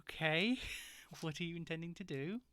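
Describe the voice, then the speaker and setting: A game master narrates a tabletop game in an easy, chatty way, laughing often between descriptions. The voice sits at a middle pitch and is recorded close and dry over an online call. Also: normal speed, bright, forceful tone, clean tone, no echo.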